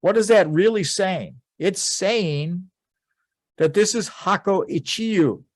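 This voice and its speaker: A man teaching a history class, telling events as a lively story and quoting people in a casual voice. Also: high voice, no room sound. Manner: animated storytelling, quoting figures in plain conversational voice. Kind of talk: informal history lecture.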